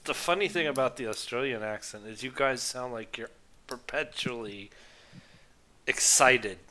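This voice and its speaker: A man's voice: medium pitch, normal speed, bright, forceful tone. A man on a voice call, chatting in a wry, matter-of-fact way. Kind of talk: casual chat.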